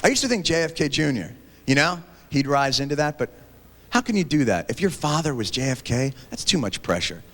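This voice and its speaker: A man performing a stand-up comedy set, animated and shouting his punchlines. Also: on the high side, fairly quick, a little hiss or hum. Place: large theater stage with audience. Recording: 1990s VHS TV broadcast, hall reverb, laughing crowd. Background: audience laughter.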